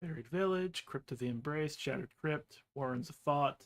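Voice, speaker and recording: A man's voice: fairly high pitch, normal speed, background noise. A man chatting casually as he plays a video game, rambling and offhand. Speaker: game streamer. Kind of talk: casual gameplay commentary.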